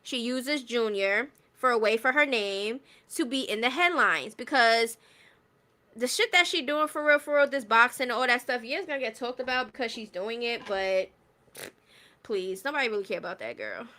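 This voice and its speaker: A woman's voice: on the high side, moderate pace, pushed and bright. A woman hosting a stream, giving blunt, exasperated gossip commentary straight to her viewers. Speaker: stream host commenting on clips.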